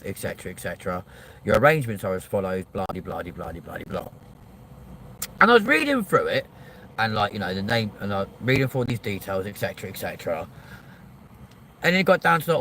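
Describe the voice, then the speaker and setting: Animated man ranting. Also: fairly low pitch, slight background noise. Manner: animated, swears freely, acts out both sides of a call. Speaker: livestream host. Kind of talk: casual storytelling rant.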